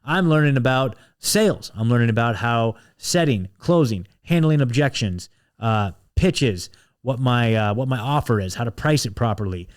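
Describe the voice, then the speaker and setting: A man at a middle pitch hosts his own podcast, talking in a fired-up, passionate rush. He swears freely and stumbles through restarts and fillers. He pushes his listeners like he is giving them a pep talk. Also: expressive, normal speed. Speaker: podcast host. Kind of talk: animated monologue, pep talk.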